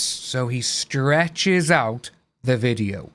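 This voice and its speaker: A man's voice: on the high side, expressive, slow pace. Blunt man ranting on a livestream. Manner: ranting, blunt, swears freely. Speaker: livestream host. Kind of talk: casual livestream chat.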